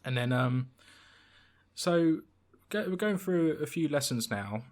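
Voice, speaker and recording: A man's voice: a little high, lively intonation, a little slow. Young man telling a rambling story. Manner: rambling, many fillers and restarts. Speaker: podcast co-host. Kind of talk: casual chat, storytelling.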